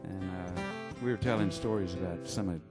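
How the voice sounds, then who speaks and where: A man, a singer-songwriter, chatting between songs at a live show in a halting, rambling way with many fillers. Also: deep voice. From Texas. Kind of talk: stage banter between songs. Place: live music venue. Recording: live concert with guitar playing. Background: guitar music.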